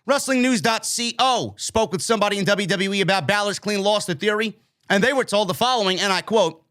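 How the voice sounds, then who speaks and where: High, bright-voiced ranting man. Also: a little fast. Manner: ranting, profane, emphatic. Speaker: podcast host. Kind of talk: wrestling news commentary rant.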